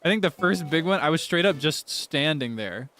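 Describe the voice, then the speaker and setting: A man's voice: on the high side, expressive, normal speed, a bit bright. A man chatting casually to viewers while livestreaming a game, playful and teasing, with sudden melodramatic outbursts. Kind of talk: casual gaming livestream chat.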